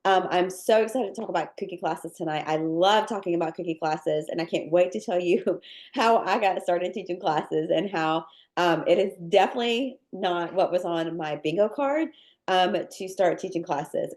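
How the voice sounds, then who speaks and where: A woman hosts a live cookie-class webinar over a video call, her slightly low voice thick and nasal from a cold. She chats casually, repeating her welcomes with plenty of ums and likes. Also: darkish tone. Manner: upbeat, repeats welcomes, many fillers. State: congested with sinus drainage. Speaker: cookie decorating teacher hosting a live class.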